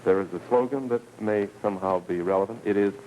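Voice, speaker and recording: A man giving a televised lecture as a professor, speaking in an earnest, deliberate way with emphatic repetition. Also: on the low side, warm tone, slight background noise, low-quality recording. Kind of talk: televised lecture with story reading.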